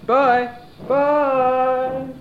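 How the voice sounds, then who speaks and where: A man's voice: very high-pitched, level tone, extremely slow, heavily acted. An actor playing an impatient male traveler who grows exasperated and sarcastic. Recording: dull lo-fi tape with faint hiss.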